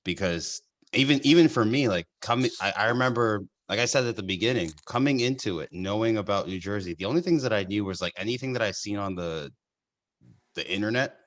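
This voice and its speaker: Male podcast host, very deep voice, chatty storyteller who laughs readily. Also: lively intonation, brisk, fairly bright tone. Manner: storytelling, laughs often, restarts sentences. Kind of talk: casual chat.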